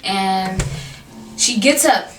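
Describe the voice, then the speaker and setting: A teenage girl casually telling a storytime to her vlog camera, animated and full of fillers and quoted dialogue. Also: mid-range voice, extremely slow. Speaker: vlogger. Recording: echoey room from a distance, faint noise.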